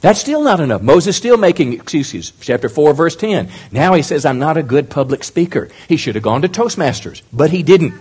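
A middle-aged man preaches as pastor, his husky voice swinging widely up and down. He keeps turning to the congregation with questions as he tells his story. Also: fairly high pitch, sing-song, moderate pace, few pauses, a little mellow. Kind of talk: sermon.

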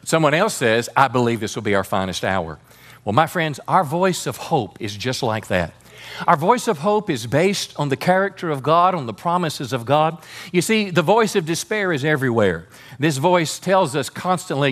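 A man's voice: a little high, animated, normal speed, a bit bright. A man preaching a sermon as pastor, fervent and calling on the congregation to respond.

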